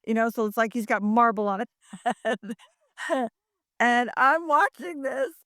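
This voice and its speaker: A woman's voice: fairly high pitch, animated, unhurried, sharp tone, no room sound, studio quality. A middle-aged woman on a podcast, telling a story in a chatty way with many fillers and small laughs. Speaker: podcast co-host. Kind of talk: casual chat.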